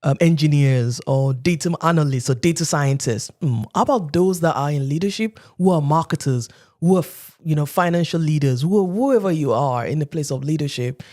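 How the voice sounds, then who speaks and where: A woman from Nigeria in her thirties, telling stories as a podcast guest and acting out quotes in animated voices. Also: deep voice, fairly quick. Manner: animated storyteller who acts out quotes, often laughing. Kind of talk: casual interview talk.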